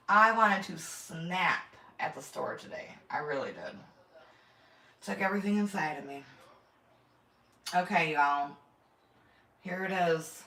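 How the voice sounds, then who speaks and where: A woman's voice: lowish voice, big pitch swings, takes it slowly, long pauses, sharp tone. A middle-aged woman, hosting a casual livestream from her kitchen and chatting bluntly with viewers. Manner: chatty and blunt, swears, greets viewers by name. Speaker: homestead channel host. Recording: echoey room, distant mic, faint noise.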